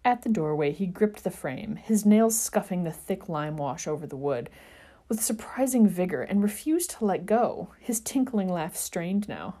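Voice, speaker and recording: A woman's voice: lowish voice, lively intonation, normal speed, mellow. A woman podcast host reading fan fiction aloud and chatting with wry, dry asides. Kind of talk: narrated fan fiction reading and casual chat.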